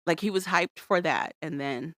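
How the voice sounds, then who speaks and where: Lively low-voiced woman recapping shows. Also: moderate pace, no echo, clean studio sound. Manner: animated, acts out quotes with playful voices. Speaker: podcast co-host. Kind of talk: casual recap chat.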